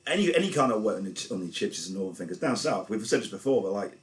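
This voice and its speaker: Joking podcast host. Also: male voice, fairly low pitch, very animated, racing, a loud crowd. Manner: chatty, jokey and laughing. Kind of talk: casual chat. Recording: noisy background.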